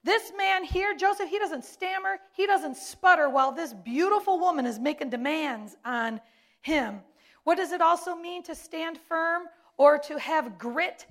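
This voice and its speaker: High-voiced woman preaching a sermon. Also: expressive, unhurried. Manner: emphatic, repeats key words for effect. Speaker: preacher, pastor's wife.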